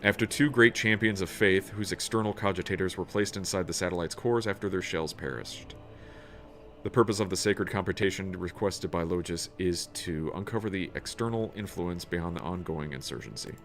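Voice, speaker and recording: A man's voice: deep voice, moderate pace, a bit bright, soft background music. A man streaming a role-playing video game, reading its text aloud in a casual, swearing tone and tripping over words now and then.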